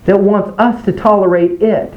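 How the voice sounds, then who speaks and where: A man preaching fervently, dropping his voice low to act out quoted speakers. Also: steady tone, moderate pace, phone-quality sound, a little hiss or hum. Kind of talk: impassioned preaching.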